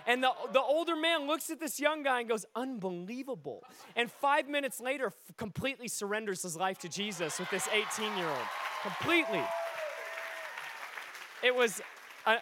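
A male preacher telling stories in a sermon to a gathered audience, swinging between quiet asides and shouted peaks. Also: high voice, no room sound. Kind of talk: sermon storytelling.

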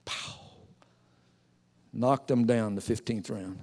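A male pastor delivers a sermon, animated and theatrical as he acts out the story's characters. His voice sits a little high for a man. The sound carries a long reverb from a large church hall. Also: moderate pace. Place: church sanctuary.

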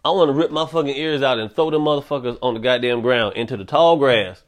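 A young man hosting a solo podcast, ranting in a profane, animated way. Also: mid-range voice, fast talker. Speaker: podcast host.

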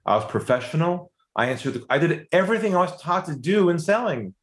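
Man, storyteller, animated and expressive, slips into quoted voices. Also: fast. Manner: lively, acts out quoted voices, rises in pitch when excited. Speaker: guest telling a sales story.

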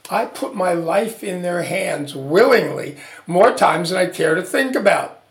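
Older male podcast host spinning a lively personal tale, voices the quotes; echoey room. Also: high voice, a little slow. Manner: animated, acts out quoted dialogue. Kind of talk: storytelling monologue.

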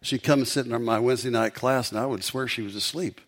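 A male pastor delivers a sermon through a long personal story. His voice sits at a mid pitch. He builds to forceful, emphatic peaks. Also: quick pace.

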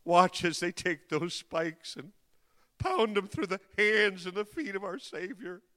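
Male preacher, dramatic storytelling, forceful tone, fairly high voice, reverberant hall. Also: expressive, a little slow. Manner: swings from hushed to impassioned cries.

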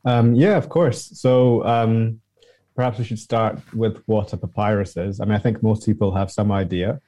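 A man answering as an academic guest in an interview, explaining at length with frequent pauses and restarts. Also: fairly low pitch, steady tone, warm tone, no room sound. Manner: explanatory, many ums and restarts.

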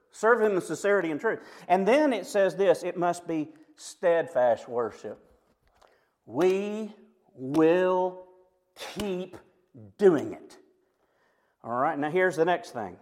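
Animated high-voiced preacher in his fifties. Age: 50s. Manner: animated, storytelling preacher with asides and quick jokes. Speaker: pastor. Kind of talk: sermon.

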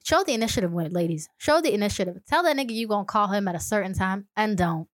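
A woman's voice: medium pitch, animated, quick pace, no echo, clean studio sound. A woman chatting casually as a podcast co-host, playfully acting out little scenes and dropping into a sultry voice. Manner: playful, acts out scenarios, drops to a sultry voice. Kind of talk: casual chat.

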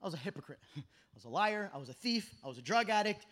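A man in his thirties preaching an energetic youth sermon at a camp meeting, telling stories that swing from shouting to hushed. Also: high-pitched, quick pace. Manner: animated storytelling, shifts from shouting to hushed.

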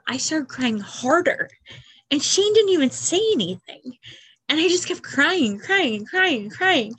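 Woman in her 40s crying through her podcast, halting and earnest, slow and a bit high. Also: fairly bright tone. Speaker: podcast host. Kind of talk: personal monologue.

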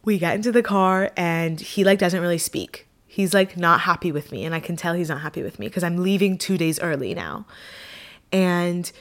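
A woman casually telling a personal travel story to camera, chatty and animated, with many fillers. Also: on the low side, normal speed. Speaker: vlogger.

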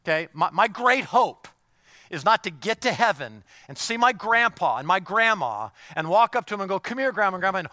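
A male pastor with a bright, forceful tone and a slightly high voice delivers a sermon. He drops to hushed, almost whispered intimacy, then rises into emphatic preaching, asking the congregation direct questions. The sound is dry and close. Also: sing-song, normal speed, dry recording.

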